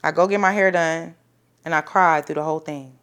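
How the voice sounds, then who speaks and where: A woman's voice: low voice, a little fast, clear, resonant tone. A young adult woman telling her own story in a candid, profane, casual way, acting out what people said. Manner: candid, profane, animated retelling with acted-out quotes. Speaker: storyteller guest.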